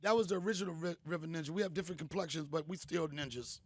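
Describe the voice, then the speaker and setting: A middle-aged man, a comedian host, telling stories in a punchy, animated way. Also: a little high, racing, dry recording. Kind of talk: storytelling monologue.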